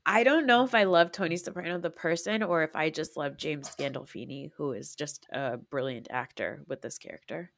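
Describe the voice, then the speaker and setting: A woman hosting a podcast in casual chat, animated, laughing often and acting out scenes as she talks. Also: sits low, fairly quick, creaky, few pauses, a little hiss or hum. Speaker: podcast host.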